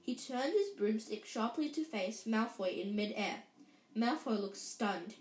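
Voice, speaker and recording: Lady reading a kids book out loud, trips over words, echoey room. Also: on the high side, measured pace. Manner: lively, with frequent slips and restarts. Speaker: reader. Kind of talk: reading a children's book aloud. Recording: roomy echo.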